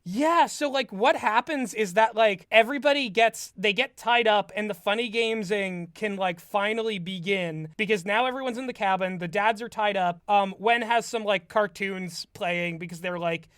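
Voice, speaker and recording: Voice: mid-range voice, moderate pace, hardly any pauses, fairly bright tone, dry recording. Casual podcast co-host retelling a film plot, rambling and amused, close dry mic. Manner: rambling, heavy use of "like", amused. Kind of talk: casual movie recap.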